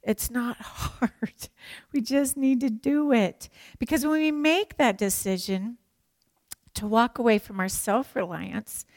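A woman teaching a sermon to women, animated and emphatic, with playful joking asides. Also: a little high, takes it slowly, no echo. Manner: animated and emphatic, acts out prayers and quotes.

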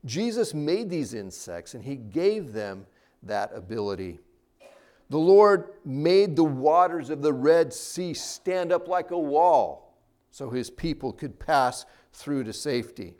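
Male pastor, slightly high voice, lively preaching delivery. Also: takes it slowly. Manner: animated, rising and falling emphasis. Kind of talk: sermon.

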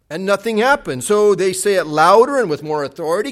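A man preaching a sermon, retelling a Bible story with dramatic swings between loud acted quotes and soft, hushed passages. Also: high-pitched, animated, fairly quick, hardly any pauses. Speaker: pastor.

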